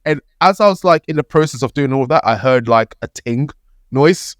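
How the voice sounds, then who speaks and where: A man's voice: medium pitch, moderate pace, dry recording, clean studio sound. Swearing British guy telling a story. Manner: animated, swears freely, laughs mid-story. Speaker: podcast co-host. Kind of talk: casual storytelling.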